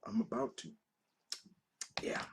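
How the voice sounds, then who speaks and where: A man in his thirties hosting a reaction video, telling personal stories in a casual, profane and emotional way, full of restarts. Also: slow. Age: 30s.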